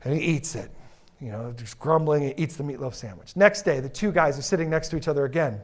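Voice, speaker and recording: A middle-aged man giving a humorous keynote talk, telling stories and acting out the people in them with big swings in his voice. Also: a little fast. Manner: animated, acts out characters in stories; lively, dramatic pitch swings. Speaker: keynote speaker.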